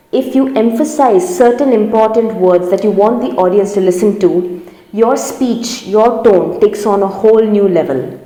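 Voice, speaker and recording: Woman instructor, mellow tone, lecture delivery in a reverberant hall. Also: mid-range voice. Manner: explanatory, emphatic teaching. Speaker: presentation skills instructor. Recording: roomy hall with long reverb.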